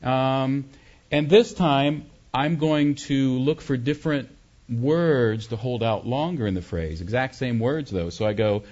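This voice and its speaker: A man leads a songwriting workshop, talking through ideas in a mid-pitched voice and breaking into short sung examples. The recording is dull and lo-fi, with guitar playing clearly behind him. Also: animated, moderate pace. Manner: explains, then sings short melody examples.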